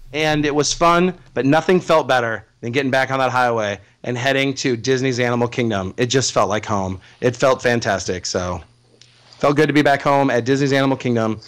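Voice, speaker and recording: Podcast host guy, easygoing, mid-pitched, just chatting and wrapping up. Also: normal speed, fairly bright tone. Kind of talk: casual podcast chat.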